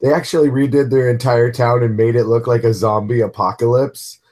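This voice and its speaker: A man's voice: mid-range voice, level tone, brisk, a little mellow. Chatty man with a mid-range voice. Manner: chatty, uses "like" a lot. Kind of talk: casual chat.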